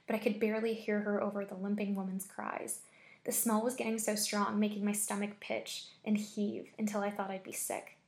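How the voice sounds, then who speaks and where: A woman reading a scary story aloud with steady, measured storytelling. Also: medium pitch. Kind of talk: scripted horror story narration.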